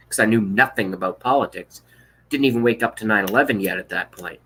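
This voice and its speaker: A man's voice: lowish voice, fast, pushed and bright, a little hiss or hum. Blunt, profane man in his thirties ranting. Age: 30s. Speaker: political vlogger. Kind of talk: ranting live stream, reading chat.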